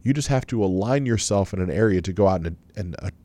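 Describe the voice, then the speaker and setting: A man's voice: low-pitched, expressive, quick pace, warm tone, no echo. A man giving a self-help talk and leading listeners through a guided visualization, coaching them with many questions.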